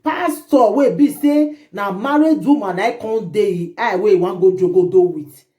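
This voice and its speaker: A woman vlogger with a Nigerian Pidgin accent, telling a gossip story to her viewers in an animated, indignant way. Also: mid-range voice, normal speed. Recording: roomy echo.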